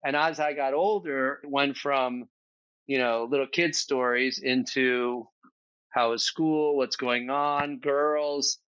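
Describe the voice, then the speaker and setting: A man's voice: medium pitch, steady tone, takes it slowly, a bit bright, smooth, no room sound, lo-fi sound. A man speaking as a podcast guest in a casual, earnest, reflective conversation, thinking aloud with fillers.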